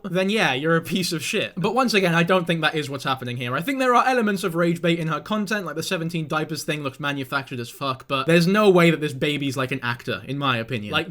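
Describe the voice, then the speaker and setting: High-voiced sweary commentator. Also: male voice, a bit bright. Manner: sweary, sarcastic, mocks in put-on voices. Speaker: online commentator. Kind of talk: casual commentary.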